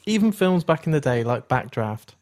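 A man's voice: medium pitch, very animated, normal speed, darkish tone. A man co-hosting a podcast, talking passionately about his favourite actors and telling anecdotes. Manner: passionate, storytelling. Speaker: podcast co-host. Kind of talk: casual film chat.

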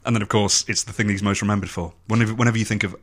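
A man talks films on a podcast with a lowish voice. He rattles along quickly, animated and a bit sweary. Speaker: podcast co-host. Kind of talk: casual film chat.

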